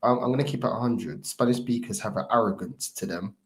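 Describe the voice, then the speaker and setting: A man with a London accent, an IRL streamer telling stories in relaxed, slangy casual chat. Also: medium pitch, fast talker.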